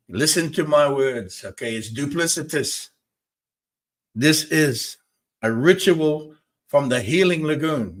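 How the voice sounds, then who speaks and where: A man hosting a spiritual talk show in a middle-pitched voice. He talks emphatically and repeats himself, and he pushes back hard at his viewers. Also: a bit bright. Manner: emphatic, repetitive, argues with viewers. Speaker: host.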